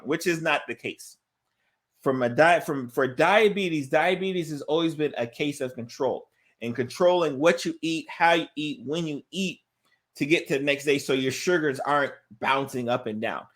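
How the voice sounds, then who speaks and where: A man's voice: on the high side, moderate pace, a bit bright. A male physician giving a health education talk, emphatic and conversational, often checking in with "right?" and "guess what?".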